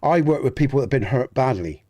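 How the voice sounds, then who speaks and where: Talking quickly with lively intonation, an English streamer with a Dorset accent chats casually with viewers while playing a game. His medium-pitched voice has a darkish tone, and he's earnest and rambling, with frequent restarts and mild swearing.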